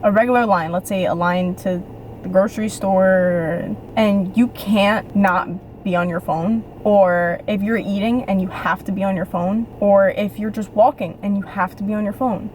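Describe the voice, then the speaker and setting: Young adult woman, faith vlogger, casual and lively, middle pitch, light background noise. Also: normal speed. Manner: chatty and animated, repeats phrases for emphasis. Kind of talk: casual talk to camera.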